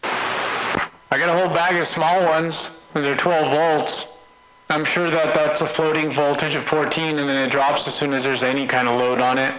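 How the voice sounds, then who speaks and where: Man, easygoing CB radio chat, slightly high, echoey transmission. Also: normal speed, a little hiss or hum. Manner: relaxed, easygoing. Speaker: CB radio operator.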